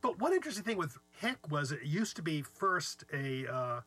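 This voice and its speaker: A man's voice: a little high, big pitch swings, normal speed, pushed and bright, breathy edge, soft background music. A man co-hosting a casual chat about word origins, playful and teasing, laughing often. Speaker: podcast co-host.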